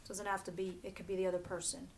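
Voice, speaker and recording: A woman's voice: on the low side, flat delivery, fast talker, vocal fry, a little mellow, slight background noise. A woman doing a casual tarot reading for her channel, chatty and blunt, often restarting her phrases. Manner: chatty and blunt, with filler words and self-corrections. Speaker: tarot reader.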